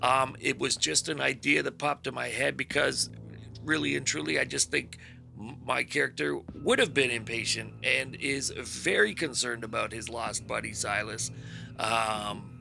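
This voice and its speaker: Man, tabletop player, gravelly, sharp bright tone, stammers, casual. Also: mid-range voice, normal speed, soft background music. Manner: stammering, self-deprecating, swears. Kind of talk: casual chat at a game table.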